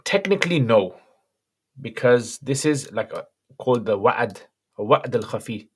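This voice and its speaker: Speaking at a normal pace with a husky, medium-pitched voice, a man hosts a casual livestream Q&A. He reads viewers' questions out loud and answers them plainly and easily.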